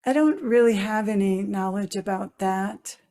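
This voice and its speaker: A woman's voice: medium pitch, unhurried, warm tone. A woman, a spiritual teacher and author, speaking frankly and directly as a guest in an interview over a video call. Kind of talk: casual interview chat.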